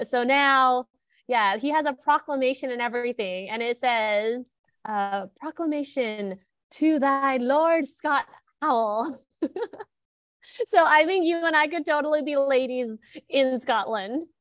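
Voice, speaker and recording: A woman in her thirties chatting casually as a podcast co-host, animated and giggly, often trailing off mid-sentence. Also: high voice, unhurried, clear, resonant tone, no room sound. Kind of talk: casual chat.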